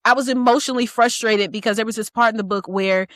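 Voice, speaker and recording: A woman's voice: on the high side, fairly even intonation, fast talker, a bit bright, no room sound. A woman co-hosting a podcast, chatting casually and animatedly about a book, acting out quotes with gasps and laughs. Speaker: podcast co-host. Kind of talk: casual book review chat.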